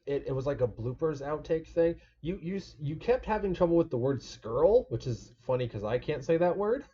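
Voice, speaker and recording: A young man in his twenties hosts a relaxed podcast chat, easygoing and quick to agree, with casual swearing. His tone is dark and mellow. The recording is dull and lo-fi. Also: on the high side, breathy edge. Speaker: podcast host. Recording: dull lo-fi sound.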